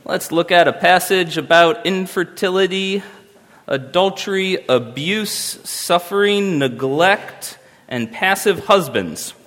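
A man's voice: high-pitched, takes it slowly, a bit bright. A man preaching a sermon as pastor, talking in a conversational and emphatic way with wry humor. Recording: long hall reverb.

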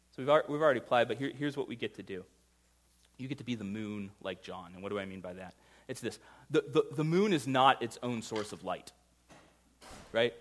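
A man preaching a sermon conversationally, asking his listeners questions and swinging between loud emphasis and hushed intensity. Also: fairly high pitch. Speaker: pastor.

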